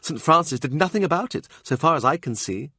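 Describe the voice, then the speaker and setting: A man's voice: a little high, animated, brisk, pushed and bright, slightly rough, no room sound, pitched above the performer's own voice, exaggerated voice. A man voicing a young courtier with a dry, teasing manner in an audiobook.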